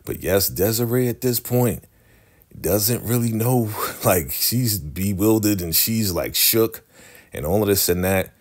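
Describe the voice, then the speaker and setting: A man's voice: on the low side, expressive, a little slow, a little mellow. A man casually recapping a TV episode, animatedly acting out the characters' lines. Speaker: TV recap vlogger.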